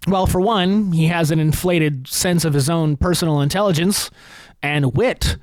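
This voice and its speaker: A man's voice: on the high side, normal speed, no room sound. A man hosting a comedy podcast, delivering a sarcastic, profane rant. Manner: ranting, sarcastic, heavily profane.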